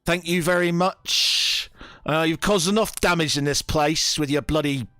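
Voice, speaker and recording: A man's voice: fairly high pitch, unhurried, bright, forceful tone, no room sound, faint music behind. A man voicing a weary male tavern barkeep who scolds a troublemaker. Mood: exasperated. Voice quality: exasperated, scolding.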